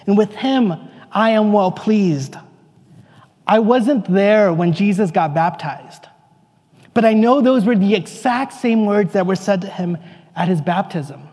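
A man playing a bewildered, excitable apostle, telling his story in earnest, rambling first-person monologue. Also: high voice, in a large hall, heavily acted. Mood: awed. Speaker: actor in a church dramatic monologue.

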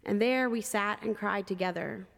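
A woman preacher telling a personal story in a sermon, measured and expressive with vivid detail. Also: mid-range voice, gravelly, big-room sound.

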